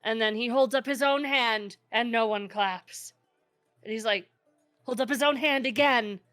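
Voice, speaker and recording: A woman's voice: fairly high pitch, measured pace, a bit bright, dry recording, clean studio sound, soft background music. A woman narrating a tabletop game as game master, in a chatty way, laughing often and using lots of fillers.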